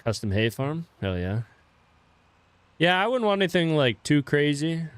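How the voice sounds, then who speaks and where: A young man casually chatting with viewers while playing a farming game, relaxed and swearing offhandedly. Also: fairly high pitch, normal speed, smooth, no room sound. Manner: laid-back, swears casually, greets viewers by name. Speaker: game streamer. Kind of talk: casual live-stream chat while playing.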